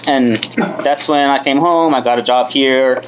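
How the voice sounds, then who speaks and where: A man in his thirties shares his own story at a recovery meeting. He talks candidly and mocks himself, with plenty of swearing. His voice sits at an ordinary middle pitch for a man. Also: steady tone, measured pace, noisy background. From United States. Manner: candid, self-mocking, swears freely. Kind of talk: personal testimony.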